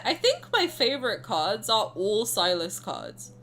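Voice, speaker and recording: Giggly, animated young woman streamer. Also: a little high, a little slow, hardly any pauses. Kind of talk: reading game text aloud and chatting.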